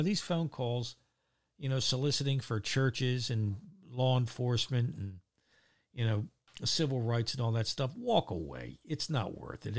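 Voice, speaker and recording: A middle-aged man telling a casual, rambling story about his day, full of fillers and casual swearing. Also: mid-range voice. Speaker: vlogger.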